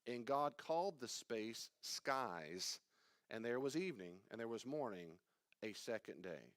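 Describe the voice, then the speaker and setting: A man's voice: medium pitch, big pitch swings, measured pace, no room sound. A man teaching a Bible study in a conversational, digressive way, often quizzing his listeners. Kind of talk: informal teaching.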